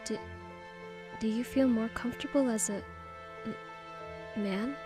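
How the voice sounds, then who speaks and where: A woman's voice: a little high, slow, over music. A woman voicing a timid, submissive young man who sounds shaken and hesitant, in an audiobook. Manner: whiny and hesitant.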